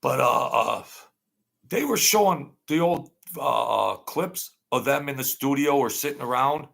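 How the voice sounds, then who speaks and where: A man hosting an unscripted live-stream chat, rambling and animated, laughing often as he talks. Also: medium pitch, a little slow, vocal fry. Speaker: channel host.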